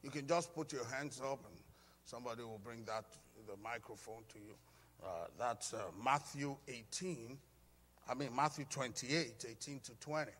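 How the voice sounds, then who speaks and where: A pastor preaching a sermon with emphatic call-and-response, urging the congregation to repeat after him. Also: male voice, medium pitch, moderate pace, fairly bright tone. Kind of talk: sermon teaching. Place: church hall. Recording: hall reverb.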